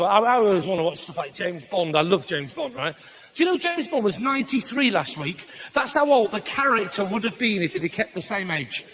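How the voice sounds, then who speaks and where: A man doing stand-up comedy, ranting and slipping into shouted voices for his bits. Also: high-pitched, big pitch swings, a little fast. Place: live comedy venue with audience laughter. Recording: noisy live stage recording.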